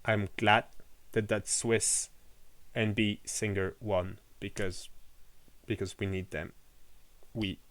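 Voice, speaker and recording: A man's voice: on the low side, flat delivery, takes it slowly, pauses often, fairly bright tone, no room sound. A man from France, talking casually and with passion to his live-stream chat, swearing often and restarting his sentences.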